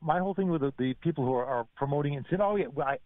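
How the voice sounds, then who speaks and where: A man calls into a radio talk show, his voice thin and narrow over a telephone line. He talks quickly and eagerly, slightly high-pitched, rattling through a story from his workplace. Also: crowd noise. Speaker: caller. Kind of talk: talk radio phone call. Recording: tinny phone line.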